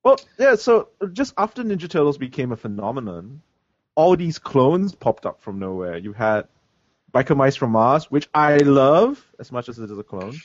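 A man's voice: mid-range voice, sing-song, normal speed, no room sound. A man chatting casually on a podcast, rambling and chuckling often. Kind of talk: casual chat about retro cartoons and toys. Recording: dull lo-fi dry sound.

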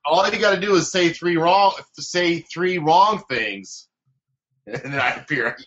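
Male guest, bright tense voice, teasing tone, dull line with faint noise. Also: a little high, takes it slowly. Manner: joking, teasing. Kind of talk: casual teasing chat.

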